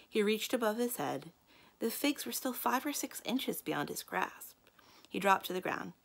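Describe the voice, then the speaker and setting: A woman librarian reading a children's mystery book aloud in a calm, inviting storytelling manner. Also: mid-range voice, normal speed, gravelly.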